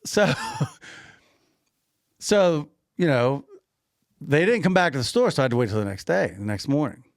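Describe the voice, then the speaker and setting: A man co-hosting a podcast, casually telling an animated anecdote, laughing often and repeating himself. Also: on the high side, unhurried, vocal fry, dry recording, studio quality. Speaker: podcast co-host and grocery store owner.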